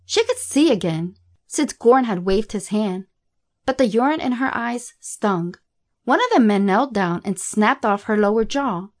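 A woman narrating a horror story in a steady, even storytelling delivery. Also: a little high.

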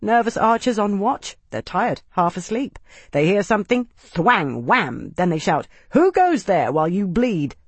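Eren-style wry young knight, as voiced by a narrator, sarcastic quips, pitched above the narration, dry close sound. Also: male voice, very animated, unhurried, slightly rough, dry recording, full character voice.

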